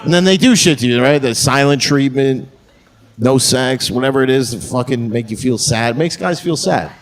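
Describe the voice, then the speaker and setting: A man's voice: mid-range voice, moderate pace. A man doing a stand-up set on a comedy stage, rambling through crude punchlines into a handheld mic.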